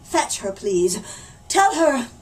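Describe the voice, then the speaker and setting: A woman's voice: fairly high pitch, sing-song, slow. A woman playing a pompous blustering mayor. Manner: loud, bossy and self-important. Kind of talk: storybook reading. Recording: distant mic, faint room hum.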